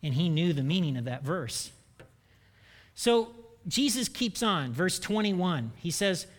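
High-voiced man preaching with humor. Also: unhurried. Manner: humorous, animated, self-deprecating asides. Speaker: pastor. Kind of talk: sermon. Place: church.

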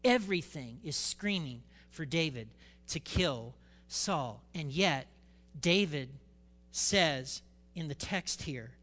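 A male pastor preaching a sermon, reading scripture and retelling it with animated, dramatic emphasis. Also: a little high, slow, long reverb tail, soft background music.

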